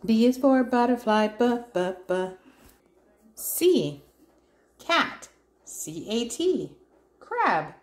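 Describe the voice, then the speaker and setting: A woman's voice: on the high side, sing-song, very slow, long pauses. A woman reading a first-words workbook aloud to her child, spelling out words letter by letter in a sing-song way. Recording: roomy echo.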